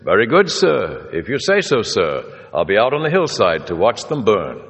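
A man's voice: on the low side, sing-song, moderate pace, fairly bright tone. A male preacher voicing Abraham in a sermon, an older man pleading earnestly. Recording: reverberant hall.

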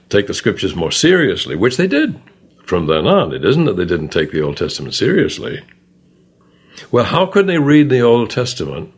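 An older man teaching a Bible study in a conversational way, reading scripture aloud and commenting on it. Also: breathy edge. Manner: reads scripture aloud and comments, rising in pitch on questions.

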